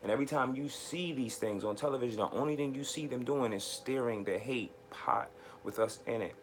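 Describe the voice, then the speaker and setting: A man's voice: mid-range voice, fairly quick. An American man hosting a live show, delivering a heated, profane, repetitive political rant. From United States. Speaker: host.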